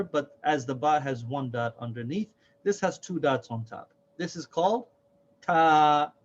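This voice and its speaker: A man teaching a slow, careful alphabet lesson, patiently repeating each letter's name and sound. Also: on the high side. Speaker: Quran reading teacher. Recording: dull, lo-fi sound.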